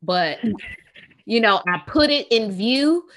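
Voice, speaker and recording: A woman therapist with an American accent, talking on a podcast, lively and laughing often as she acts out quoted phrases. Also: on the high side, slow pace. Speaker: therapist guest. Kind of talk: podcast conversation.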